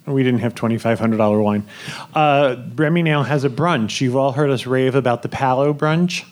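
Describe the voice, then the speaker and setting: A man hosting a live podcast from a cruise ship theater, speaking at an everyday middle pitch. He tells stories in a chatty way and often breaks into laughter while the audience listens. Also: normal speed. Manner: chatty, laughing, enthusiastic food storytelling. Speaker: podcast host.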